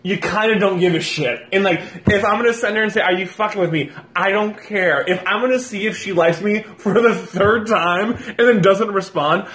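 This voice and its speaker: Man, high pitch, casual chat, quick restarts, echoey room. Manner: animated, laughing, swearing, quick restarts.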